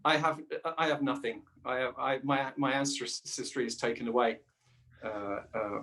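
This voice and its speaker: A middle-aged man, a dialect coach and voice actor, chatting lively as a guest. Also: mid-range voice, normal speed. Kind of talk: casual conversation.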